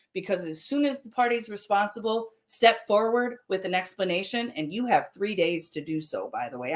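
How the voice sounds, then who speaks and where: Heated, swearing woman on a livestream. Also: lowish voice. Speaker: livestream host. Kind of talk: angry livestream address.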